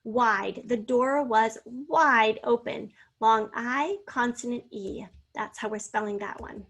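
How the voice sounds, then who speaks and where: A woman with a slightly high voice teaches a spelling lesson. She sounds out each word slowly and clearly, syllable by syllable, and then reads an example sentence. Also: a bit bright. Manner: slow, clearly enunciated, sounding out words.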